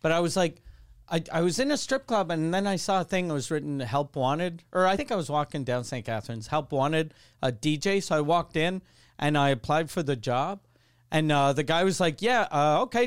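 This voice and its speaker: A man's voice: a little high, expressive, brisk, clean tone, no room sound, studio quality. A man hosting a casual comedy podcast, telling profane, laughing anecdotes. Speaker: podcast host. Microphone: studio microphone.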